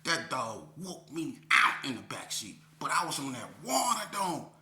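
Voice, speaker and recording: A man in a casual interview, telling a story in streetwise slang and checking in with listeners as he goes. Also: normal speed. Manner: animated, climbs high when retelling. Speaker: interview guest. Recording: echoey room with faint hum.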